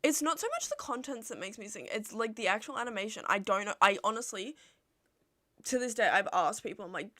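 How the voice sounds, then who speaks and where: A woman's voice: medium pitch, expressive, fairly quick, pushed and bright, dry recording. A young Australian woman chatting casually on a livestream, answering viewer questions in a rambling way and acting out little exchanges with her friends.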